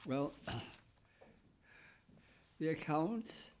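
Male preacher, sermon, slow deliberate phrasing, raised pitch, occasional cough. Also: expressive, a little mellow, slight background noise. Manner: slow, deliberate, pausing between short phrases. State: coughing, clearing his throat. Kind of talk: sermon reading and explaining scripture.

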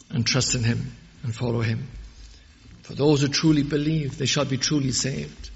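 A man preaching a sermon, fervent and emphatic, rising to loud peaks when he quotes scripture. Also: fairly high pitch, moderate pace, pauses often. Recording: muffled audio with long hall reverb.

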